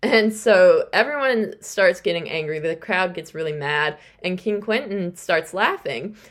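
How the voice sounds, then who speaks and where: A woman's voice: on the low side, lively intonation, unhurried. A woman hosting a podcast, recapping a novel in a casual, chatty way, often correcting herself and quoting the characters. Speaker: podcast host.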